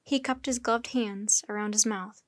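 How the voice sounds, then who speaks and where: A woman's voice: mid-range voice, moderate pace, no echo, studio quality. Woman reading a children's chapter book. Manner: steady, clear narration. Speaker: storyteller.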